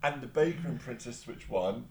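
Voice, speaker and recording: A man's voice: medium pitch, animated, normal speed, crowd noise. A young man chatting while watching a film, dry and sarcastic, teasing his co-host. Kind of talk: casual movie watch-along chat. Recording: roomy echo with loud film music. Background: film soundtrack music.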